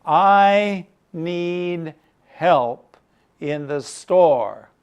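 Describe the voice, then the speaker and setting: Insegnante maschio, voce un po' alta, ritmo lentissimo, spiegazioni pazienti parola per parola, qualche colpo di tosse. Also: male voice, on the high side, animated, extremely slow, highs cut off. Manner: reads a story line by line, then explains each word with examples and a Chinese gloss; clears his throat often. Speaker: English teacher. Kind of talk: slow explanatory lesson for Chinese-speaking learners.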